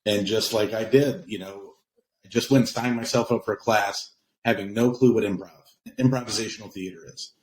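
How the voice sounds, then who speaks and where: A man's voice: lowish voice, fairly even intonation, a little fast, rough recording. A man speaking as a guest on a casual interview, reflective and self-deprecating, laughing at himself. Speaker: guest, comedian and actor.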